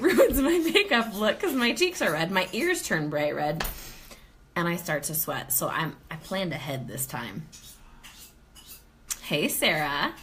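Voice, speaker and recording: Chatty woman with a lively, bright voice. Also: sits low, a little hiss or hum. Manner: chatty, greets viewers by name, laughs often. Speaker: host of a live sales stream. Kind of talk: casual live-stream chat. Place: home, near the kitchen.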